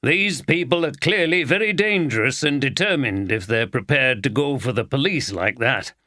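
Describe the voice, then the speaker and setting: A weary detective inspector who talks plainly and makes light of his own mistakes, as a man reads him. The voice stays close to the reader's own medium pitch, and the recording is dry and close. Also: moderate pace, pushed and bright, no echo, close to an everyday voice. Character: weary, self-mocking male detective inspector.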